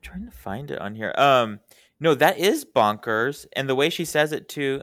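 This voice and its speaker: A giggly young woman co-hosting a podcast in a dry, close sound. Her pitch swoops around a lot as she talks, and she fills her sentences with "like". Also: expressive, normal speed, no echo. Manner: giggly, lots of "like", playful. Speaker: podcast co-host. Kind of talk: casual chat.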